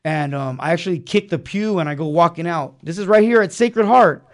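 A man's voice: a little high, a little fast. A man telling his personal testimony as an interview guest in a small studio, in an earnest, slangy, casual way. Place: small studio beside a chapel.

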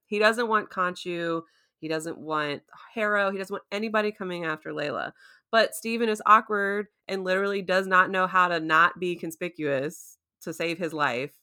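A woman's voice: fairly low pitch, moderate pace, bright, forceful tone. A woman hosting a casual podcast, chatty and laughing often as she recaps a show and acts out quotes. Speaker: podcast host.

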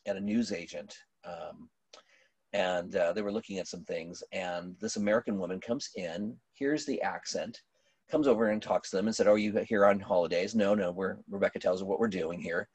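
A middle-aged man with a husky, slightly low voice recounts events in an animated way, often restarting his phrases. The sound is dry and close, with no room echo. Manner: animated storyteller with many restarts and fillers. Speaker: pastor. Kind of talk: storytelling conversation.

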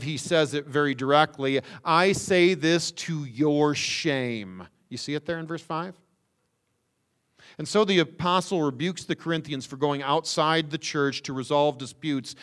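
A man preaching a sermon, stressing words with slow emphasis and rhetorical questions. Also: a little high, a bit bright, clear, resonant tone. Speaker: pastor.

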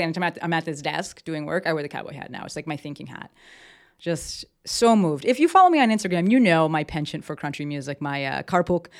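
Chatty, lower-pitched woman podcast host. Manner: rambling, enthusiastic, many fillers and restarts. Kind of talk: casual solo podcast chat. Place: at her desk at home. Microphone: desk mic with camera.

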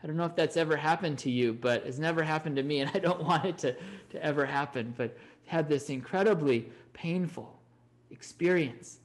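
A man giving an animated storytelling Dharma talk, often checking in with "right?". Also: on the high side, a little fast. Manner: animated, frequent "right?" tag questions. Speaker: Dharma teacher.

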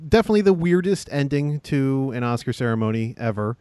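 A man's voice: mid-range voice, lively intonation, fast, dark tone, smooth, no echo. A man hosting a casual comedy podcast, stammering and laughing as he guides the chat. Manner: stammering, apologetic, laughs often. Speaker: podcast host.

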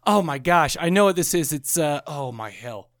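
A man rambling through his thoughts on a podcast, his fairly high voice bouncing around a lot as he talks himself toward an answer. The sound is close and dry with no room around it. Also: lively intonation, normal speed, fairly bright tone, dry recording. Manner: thinks aloud, rambling, restarts. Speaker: podcast co-host guessing in a quiz. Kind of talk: casual chat.

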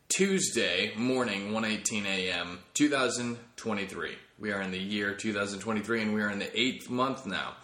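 A man's voice: lowish voice, moderate pace, hardly any pauses, sharp tone, reverberant. A man hosting his own comedy podcast, rambling and correcting himself as he jokes along. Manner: rambling, self-correcting, jokey. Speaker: podcast host.

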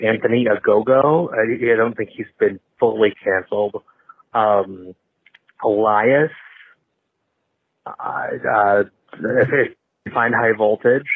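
A man with a fairly low voice leaves a rambling voicemail, pausing often and filling the gaps with ums. The call sounds tinny and phone-like, and dry, with no room around it. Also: no echo. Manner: slow, hesitant, lots of ums. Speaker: voicemail caller. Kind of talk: recorded voicemail message.

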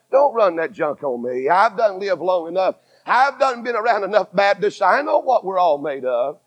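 A man, preaching a sermon that swings from loud cries to hushed tones. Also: high voice, sing-song, normal speed, few pauses, no room sound, poor audio. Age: 40s.

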